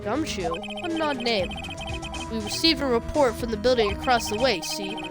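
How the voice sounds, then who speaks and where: A woman voicing a gruff, bumbling male police detective, loud and trying a tough-guy accent, over game music. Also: a little high, animated, moderate pace, close to an everyday voice. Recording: video game music behind.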